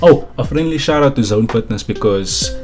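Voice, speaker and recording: A man's voice: mid-range voice, animated, normal speed, darkish tone, faint music behind. A young man from South Africa co-hosting a home podcast, joking and teasing with plenty of laughter in casual banter. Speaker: podcast co-host. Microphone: home podcast setup.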